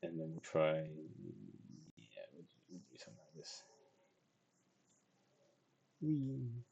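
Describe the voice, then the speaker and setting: A man's voice: rumbling low, lively intonation, a little slow, vocal fry, a little mellow, slightly rough, lo-fi sound. A tired young man, rambling and self-deprecating as he talks through his drawing in a casual video diary. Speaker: vlogger.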